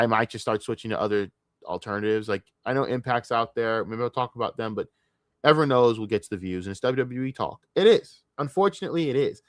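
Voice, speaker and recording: A man's voice: fairly low pitch, a bit bright, clean tone, no echo, clean studio sound. A man from the United States ranting on a casual livestream, frustrated and profane, rambling with many restarts. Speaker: streamer.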